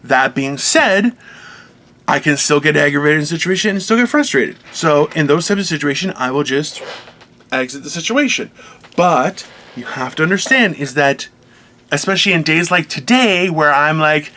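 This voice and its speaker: A man co-hosting a casual talk show, ranting in an animated, self-mocking way. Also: fairly high pitch, normal speed. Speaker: co-host. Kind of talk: casual chat.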